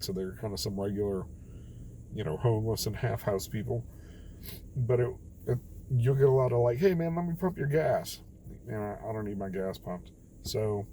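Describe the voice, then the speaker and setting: A man's voice: fairly low pitch, mellow, a little hiss or hum, poor audio. Tired man rambling through a story. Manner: rambling, self-deprecating, quoting others in voices. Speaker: vlogger. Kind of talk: casual late-night storytelling.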